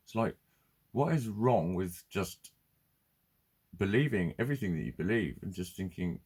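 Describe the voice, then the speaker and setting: A man's voice: low voice, lively intonation, moderate pace, pauses often, a little mellow, slightly rough. A man ranting bluntly and swearing in a casual vlog. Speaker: vlogger. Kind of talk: casual ranting monologue to camera.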